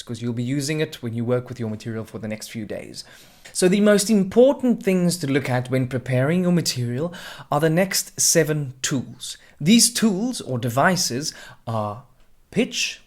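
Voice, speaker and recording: In a scripted tutorial, a male drama mentor and adjudicator explains how to prepare a performance. His speech is clear and expressive, and he illustrates pitch, pauses and volume by example.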